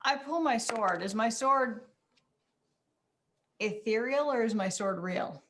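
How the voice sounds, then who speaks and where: Blunt, eager tabletop player. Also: female voice, on the high side, slow pace, a bit bright. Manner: blunt, eager in-game declarations. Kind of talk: casual tabletop play.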